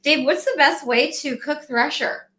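A woman's voice: sits high, a little slow, bright, forceful tone, roomy sound. A woman co-hosting a show, chatty and teasing, often giggling in casual conversation. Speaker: co-host. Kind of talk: casual chat.

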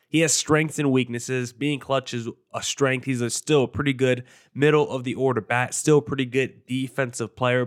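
A man's voice: medium pitch, fairly bright tone. A man hosting his own show, giving a casual, opinionated baseball analysis in a conversational monologue. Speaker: sports show host.

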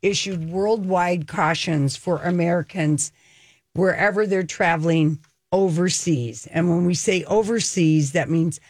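A woman co-hosting a radio talk show, chatting and telling stories in an animated way. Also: lowish voice, measured pace, dry recording, studio quality. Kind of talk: casual chat. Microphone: studio mic.

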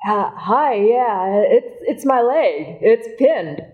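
A woman voicing a scared male pilot pinned in a crashed plane at a live script reading, halting and pleading. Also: on the high side, expressive, narrow, tinny audio. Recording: echoey room.

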